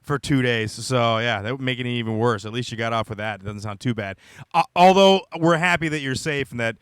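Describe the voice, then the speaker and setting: Fast-talking, teasing American podcast host. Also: male voice, mid-range voice, fairly bright tone, clear, resonant tone, dry recording, studio quality. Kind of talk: casual chat.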